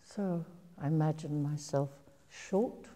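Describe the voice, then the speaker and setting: An older woman with a low, very mellow voice tells career anecdotes to an audience. She takes her time, pausing on ums and breaking into soft laughs. Her voice carries a long reverb from a large hall. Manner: slow and reflective, with frequent ums and soft laughs. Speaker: actress giving a talk.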